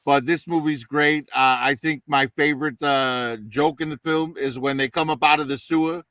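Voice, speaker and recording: A man hosting a casual movie review chat, relaxed and rambling with many fillers, heard through a distant mic. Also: on the high side, normal speed, no room sound. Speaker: podcast host.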